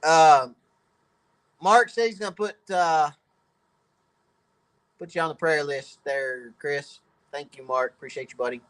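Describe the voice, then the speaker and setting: A man's voice: a little high, measured pace, long pauses, a bit bright, clean tone, low-quality recording. Folksy man, chatty host. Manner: folksy, chatty, laughs often. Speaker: host of a fishing channel. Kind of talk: live-stream Q&A chat. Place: home workshop.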